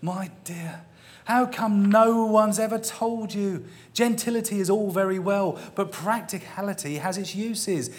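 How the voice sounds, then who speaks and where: A man's voice: sits high, unhurried, pitched above the performer's own voice. A man voicing an exasperated, no-nonsense male city watch commander who talks bluntly and chuckles through his lines.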